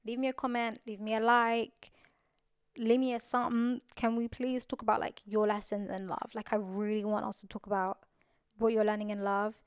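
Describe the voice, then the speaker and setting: Young woman podcaster, earnest and repeats stuff, slightly high voice, dry sound. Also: level tone, moderate pace, clean tone, dry recording. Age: young adult. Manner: earnest, repeats phrases for emphasis. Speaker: podcast host. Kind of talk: casual solo podcast talk.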